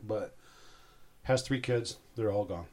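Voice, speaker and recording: A man's voice: lowish voice, slow, crowd noise. A man in his sixties, a guest recounting a personal story in a rambling, heartfelt way. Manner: rambling, heartfelt, self-interrupting.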